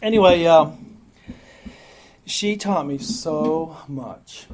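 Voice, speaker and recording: A man's voice: on the high side, very slow, darkish tone, rough recording. A man telling his story at a recovery meeting in a rambling, joking, profane way. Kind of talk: casual storytelling talk. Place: meeting room with a crowd. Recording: live meeting talk with audience laughter.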